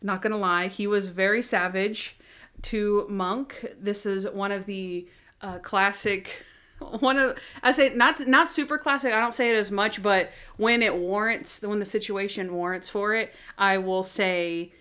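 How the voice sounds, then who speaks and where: A woman co-hosting a podcast in casual chat, retelling scenes in an animated, giggly way. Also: medium pitch, unhurried, clear, resonant tone. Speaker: podcast co-host.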